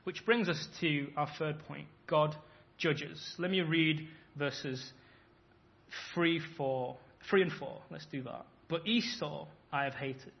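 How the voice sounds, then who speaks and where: A man's voice: on the high side, slow pace, gravelly. A man in his thirties preaching a sermon, emphatic and acting out imagined voices as he makes his points. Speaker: pastor. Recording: dull lo-fi sound.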